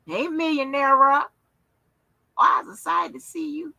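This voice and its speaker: Woman, livestream host, bright voice, dry sound, tired, casual profane chat. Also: sits high, steady tone, moderate pace, gravelly, no room sound, poor audio. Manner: loose, profane, drawling with lots of fillers.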